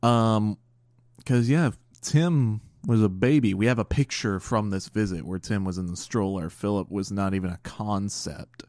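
A man's voice: lowish voice, moderate pace, a little mellow, no room sound, clean studio sound. A young man co-hosting a podcast, rambling casually through childhood memories. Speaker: podcast co-host. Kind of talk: casual chat.

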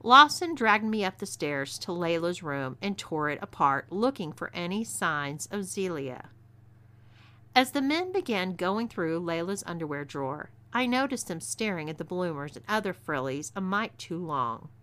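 Woman narrator, texan twang, bright clear voice, scripted story reading. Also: fairly low pitch, very animated, moderate pace. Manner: drawling, storytelling delivery.

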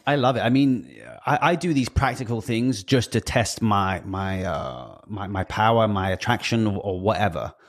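A man's voice: lowish voice, normal speed, few pauses. Profane British man telling stories. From Britain. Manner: animated storytelling, profane. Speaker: guest, music industry worker. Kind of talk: casual chat.

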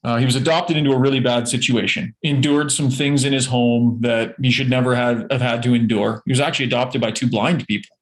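A man with a mid-range voice tells a personal story in a relaxed, chatty way. He is a guest in a casual interview and often slips into the voices of the people he quotes. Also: mid-range voice, a little fast, hardly any pauses, rough recording. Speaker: guest, former hockey player.

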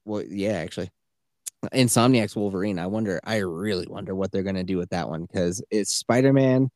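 A man's voice: sits low, fairly quick, no echo, clean studio sound. A man co-hosting a casual podcast, swearing freely and retelling a video game plot with mocking quoted voices. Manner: profane, animated storytelling with mocking quoted voices. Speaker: podcast co-host. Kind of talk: casual chat.

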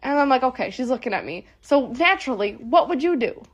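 A woman's voice: sits high, very animated, a little fast, lo-fi sound. A young adult woman co-hosting a podcast in casual chat, giggly and rambling with lots of "like". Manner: giggly, rambling, heavy "like" filler. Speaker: podcast co-host.

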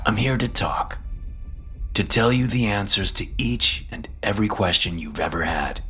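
A man's voice: lowish voice, expressive, bright, forceful tone, breathy edge, faint music behind, pitched above the performer's own voice, full character voice. Lucifer, as a man puts on a smug, teasing devil. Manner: smug, mocking, unhurried. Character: smug teasing male devil, calm and knowing. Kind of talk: first-person horror story reading.

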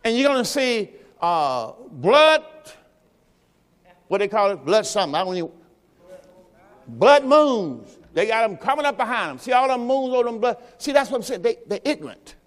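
This pastor's voice sits high and expressive, moving quickly with few pauses as he teaches his congregation loosely and conversationally, putting questions to them. His sermon echoes with long reverb through the church sanctuary.

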